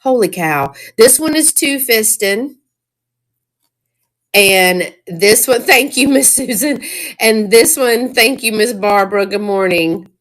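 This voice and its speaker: Woman, live sale host, chatty, excitable, unhurried talk. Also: on the high side. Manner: chatty, excitable, greets viewers by name. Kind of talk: casual live-stream selling chat.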